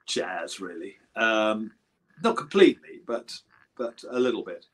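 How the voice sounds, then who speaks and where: A man's voice: on the low side, lively intonation, unhurried, a bit bright. Older English man telling rambling stories. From England. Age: 70s. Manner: rambling anecdotal storytelling with restarts. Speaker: guest musician. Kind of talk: casual interview chat.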